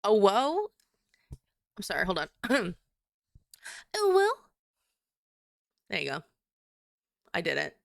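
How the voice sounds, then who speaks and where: A young adult woman chatting casually with her live-stream viewers, giggly and animated, swearing now and then. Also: medium pitch, a little slow, gravelly, long pauses, no echo, clean studio sound.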